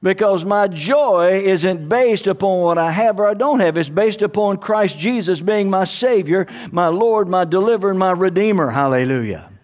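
A man's voice: high-pitched, expressive, moderate pace, few pauses, darkish tone. A man preaching a sermon to his congregation, emphatic and calling out hallelujah and amen. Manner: calls out to the congregation for responses. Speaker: pastor.

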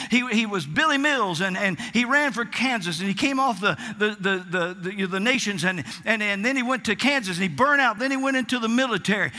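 A man preaching a Pentecostal sermon, stammering into his stories and building to fervent shouting. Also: extremely high pitch.

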